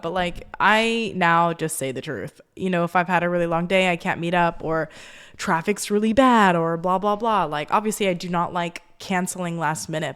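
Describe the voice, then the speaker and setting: Chatty young woman with a lowish voice. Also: clean tone. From Los Angeles. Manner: candid, chatty, full of fillers like "like" and "you know". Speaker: podcast host. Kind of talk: casual self-help talk.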